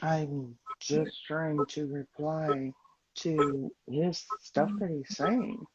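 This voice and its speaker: A woman arguing as a guest on a livestream, halting and defensive. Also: low voice, fairly even intonation, slightly rough, no echo. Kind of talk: heated livestream argument. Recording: lo-fi call audio with crowd noise.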